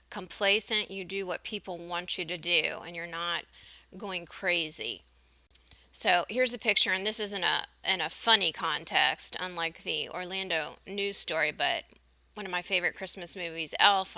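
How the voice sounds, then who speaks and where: A middle-aged woman teaching vocabulary in a recorded lesson, explaining each word with homely examples. Her voice is bright and forward, a little on the low side, and sits dry and close to the mic. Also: gravelly, no echo. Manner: explains words with everyday examples.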